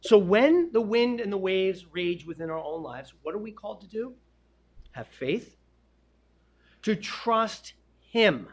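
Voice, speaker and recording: A man preaching a sermon, swinging between loud emphatic peaks and hushed, quiet drops. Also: high-pitched, expressive, takes it slowly, long pauses.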